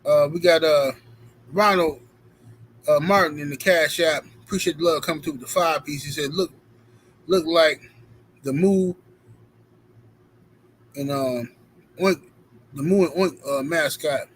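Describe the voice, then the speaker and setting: With a slightly high voice, this man moves unhurriedly and leaves long pauses as he hosts a live stream, casually reading super chats and thanking donors. His banter is animated, emphatic, and playful street talk, though the audio is poor and carries slight background noise.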